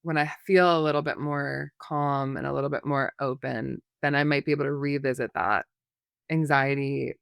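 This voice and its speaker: A woman's voice: extremely low pitch, fairly even intonation, normal speed, vocal fry, smooth, dry recording, studio quality. A woman therapist, a podcast guest, explaining in a rambling, casual way full of fillers and examples.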